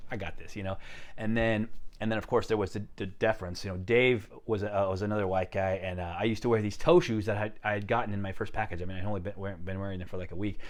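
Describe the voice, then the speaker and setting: A man casually telling a story from his own life, rambling and conversational, often acting out the lines of the people in it. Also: lowish voice. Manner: rambling, conversational, frequent "you know" and restarts, gets quiet on quoted lines; lively storyteller who acts out the other people's lines.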